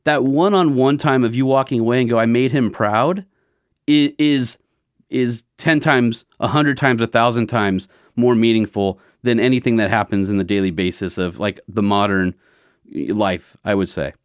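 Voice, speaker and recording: Smooth-voiced man telling a story. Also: medium pitch, moderate pace, dry recording, clean studio sound. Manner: animated storyteller who acts out quotes. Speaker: podcast host. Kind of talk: casual conversation.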